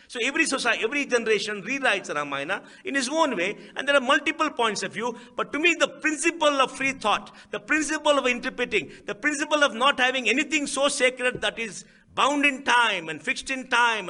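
A man's voice: extremely high pitch, lively intonation, brisk, hardly any pauses, pushed and bright. A man with an Indian accent giving a public speech at a book event, emphatic, asking rhetorical questions and repeating key phrases. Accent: Indian English.

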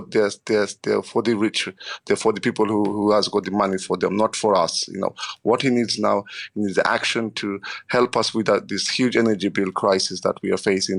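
Low gravelly halting working father. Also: a bit bright. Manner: halting, repeats words, many "you know" fillers. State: emotional, strained. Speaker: interviewee, working parent. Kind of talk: emotional radio interview.

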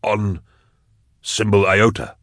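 A man's voice: lowish voice, steady tone, slow, fairly bright tone, no echo, clean studio sound. A man voicing a scarred old male investigator who speaks tersely and firmly, in an audiobook reading. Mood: questioning. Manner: terse, questioning, firm.

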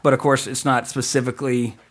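A quick, mid-pitched man rattles through listener emails on a casual podcast mic. He stumbles and restarts often, joking at his own expense. His voice sits in the middle of the male range. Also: little pitch movement. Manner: fast-talking, trips over words, self-deprecating.

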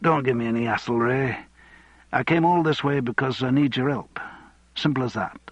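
A gruff, no-nonsense union boss with a Liverpool accent, as a male reader puts him on. The husky voice sounds dull and dry, as if recorded close in a padded studio. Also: medium pitch, normal speed, dry recording, natural voice. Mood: blunt. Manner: gruff, blunt. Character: blunt Liverpool union boss, middle-aged man.

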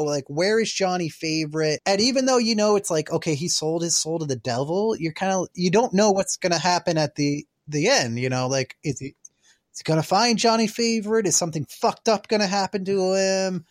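A man's voice: high voice, expressive, a little fast. A man co-hosting a podcast, recapping a film plot in a rambling, filler-heavy casual chat. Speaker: podcast co-host reviewing a film.

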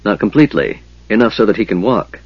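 A man voicing a gentle, soft-spoken female priestess in an audiobook, calm and husky. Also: lowish voice, quick pace, no room sound, dull audio.

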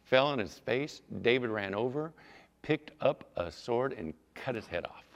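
A man preaching a sermon as a pastor, telling the story with animated, acted-out storytelling. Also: medium pitch, measured pace. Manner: animated storytelling, acting out scenes. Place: church sanctuary. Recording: long hall reverb.

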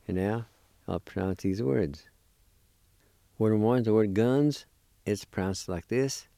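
A man hosting a radio language lesson, patiently spelling words and repeating each syllable slowly. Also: lowish voice, vocal fry, dark tone, no room sound, clean studio sound. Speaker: language teacher and radio host. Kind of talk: slow spelling and pronunciation lesson. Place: radio studio.

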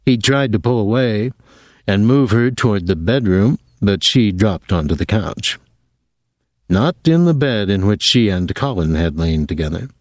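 Low-voiced male audiobook narrator. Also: expressive, a little slow, darkish tone, dry recording. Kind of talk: scripted narration.

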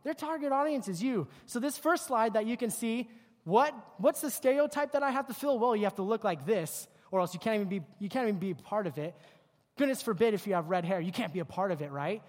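A youth pastor giving a joking, animated sermon to a group of kids, working through slides and poking fun at teen habits. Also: medium pitch, fast. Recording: long hall reverb.

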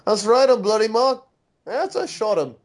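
A man's voice: sits high, expressive, normal speed, pitched above the performer's own voice. A man doing an imitation Australian accent as a swaggering criminal who brags and laughs as he plays it. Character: swaggering male Australian criminal impression, bragging.

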